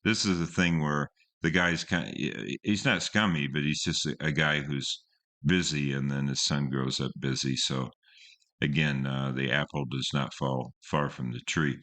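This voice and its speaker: A man's voice: very deep voice, steady tone, measured pace, a bit bright. A man hosting a song-reaction show, talking casually with many fillers and restarts. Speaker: host reviewing songs. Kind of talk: casual commentary.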